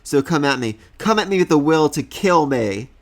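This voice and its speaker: A man's voice: on the high side, expressive, normal speed, voice pushed up. A man voicing a serious male martial arts sensei who challenges his student in a matter-of-fact way, read aloud during a comic review. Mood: challenging.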